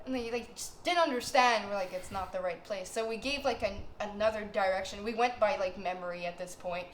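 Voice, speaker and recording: A young woman co-hosting a podcast speaks at a medium pitch and a fairly quick pace, chatting and laughing as she tells casual stories packed with "like." She's an animated storyteller, recorded in an echoey room with faint noise.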